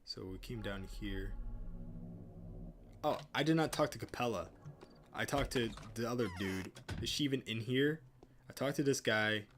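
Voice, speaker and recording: A man's voice: medium pitch, moderate pace, pauses often, fairly bright tone, soft background music. A man casually commenting on a game he is playing for the first time, rambling with many fillers and restarts. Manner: rambling, full of ums, likes and restarts. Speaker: let's play host.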